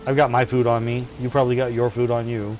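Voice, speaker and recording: A man streaming a co-op game, chatting casually and telling a myth in a playful, animated way. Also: medium pitch, quick pace, soft background music. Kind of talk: casual gameplay chat with storytelling.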